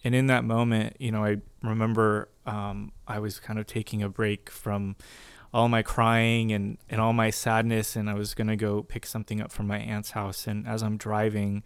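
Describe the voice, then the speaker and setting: A man, a marriage and family therapist, earnestly sharing his faith story in a casual conversation, reflective and soft-spoken. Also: fairly low pitch, completely flat delivery, moderate pace, few pauses, clear, resonant tone, no echo.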